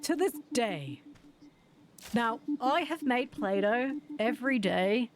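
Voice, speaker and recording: A woman's voice: a little high, animated, slow, a crowd in the background. Laughing woman in her forties telling a story. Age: 40s. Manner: laughing, swearing anecdote teller. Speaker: streamer. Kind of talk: casual storytelling while streaming a game.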